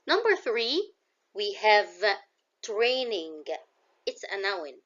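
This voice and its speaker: A woman's voice: mid-range voice, big pitch swings, takes it slowly, a bit bright, dull audio. A woman with an Egyptian accent teaching a classroom English vocabulary lesson. She explains words in English and glosses some of them in Arabic.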